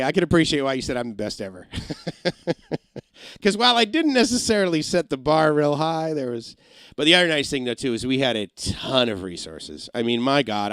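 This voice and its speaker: A middle-aged former radio engineer chats on a home livestream, telling long, rambling stories. His voice swings widely up and down in pitch, and he breaks into brief comic impressions. The sound is dry and close, with no room echo. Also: fairly bright tone, clean tone. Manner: rambling storyteller who slips into comic impressions. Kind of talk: casual livestream chat. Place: home in Massachusetts.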